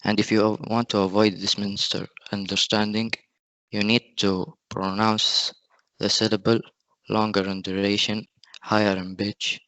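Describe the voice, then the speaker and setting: A male student giving a short class presentation, reading his examples slowly and evenly over a video call. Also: lowish voice, level tone, a bit bright, dry recording, poor audio.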